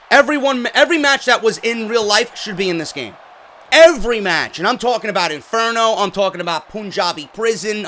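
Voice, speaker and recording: A man's voice: high-pitched, sharp tone, a little hiss or hum. A man hosting a game news video, ranting bluntly and profanely with strong opinions and emphatic delivery. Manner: emphatic, with fillers. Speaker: gaming video host.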